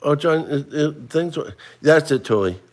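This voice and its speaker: A man's voice: a little high, animated, a little slow. A middle-aged man hosting a casual livestream, chatting and running a trivia quiz for viewers he addresses by name. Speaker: livestream host.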